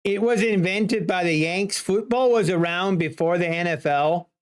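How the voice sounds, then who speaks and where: A woman's voice: lowish voice, normal speed, clear, resonant tone. A woman streamer chatting casually to her viewers, ranting in mock exasperation. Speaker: livestreamer. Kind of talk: casual livestream chat.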